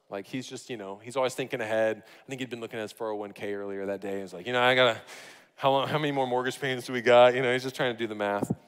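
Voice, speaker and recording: A man in his thirties preaching a sermon, telling a family story in an animated, laughing storytelling manner. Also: medium pitch. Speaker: pastor. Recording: long hall reverb.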